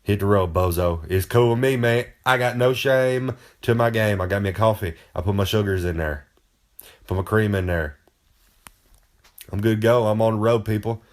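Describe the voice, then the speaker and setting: A man's voice: on the low side, steady tone, moderate pace. Brash man bragging in third person. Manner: brags and talks about himself in the third person; folksy rambling drawl. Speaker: wrestler giving comic advice. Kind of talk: comedic boastful monologue.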